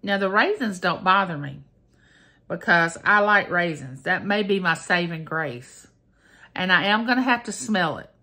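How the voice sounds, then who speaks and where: A woman's voice: lowish voice, animated, moderate pace, sharp tone. A woman, chatting folksily to her viewers in a casual taste-test vlog. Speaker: vlogger.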